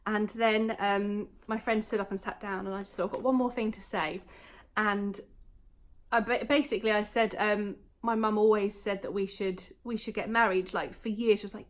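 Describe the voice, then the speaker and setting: A woman's voice: mid-range voice, fairly even intonation. A woman, chatting casually to camera in a vlog, rambling with lots of fillers. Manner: rambling, talks in quick bursts, many fillers. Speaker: vlogger.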